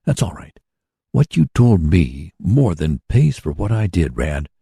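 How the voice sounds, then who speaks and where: A man's voice: low voice, sing-song, a little slow, creaky, dark tone, breathy edge, no echo, clean studio sound, full character voice. A man reading as an eager young inventor.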